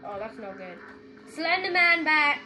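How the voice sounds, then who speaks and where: A young woman giving excitable gaming commentary, often yelling at other players. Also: sits high, unhurried, a little hiss or hum, rough recording. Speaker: gaming video creator. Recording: gameplay with music behind.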